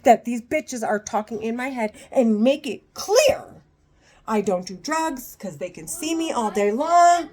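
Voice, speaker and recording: Woman vlogger on a home video rant, somewhat high-pitched voice, swearing hard and tripping over restarts. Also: animated, a little mellow. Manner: angry, profane, halting with restarts. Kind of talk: agitated monologue to camera.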